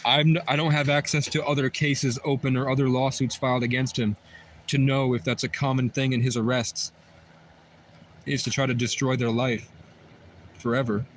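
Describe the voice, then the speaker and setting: The man speaks at normal speed with a flat delivery and a medium-pitched voice. It's a long livestream monologue, rambling and repetitive, where he keeps circling back and restarting sentences while faint vehicle noise hums behind him.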